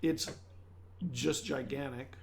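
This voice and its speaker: A man's voice: medium pitch, steady tone, takes it slowly. A man narrating a tabletop game as game master, with loose, searching description and many restarts. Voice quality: gravelly. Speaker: dungeon master.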